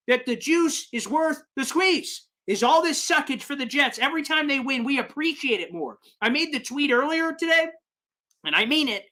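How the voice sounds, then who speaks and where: A young man hosting a sports fan livestream, reading chat comments with hyped, shouty excitement. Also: extremely high pitch. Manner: hyped, shouting bursts of celebration.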